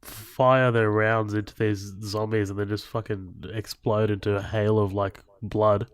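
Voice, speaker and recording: Fairly low-voiced man swearing about movies. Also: a little slow, smooth, no echo. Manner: excited and profane. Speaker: podcast co-host. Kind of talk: casual film commentary chat.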